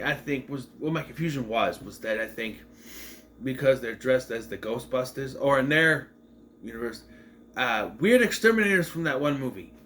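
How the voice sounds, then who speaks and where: With a bright, forceful mid-range voice, a young man gives a chatty, wandering recap of a TV episode, frequently correcting himself. A little hiss or hum can be heard.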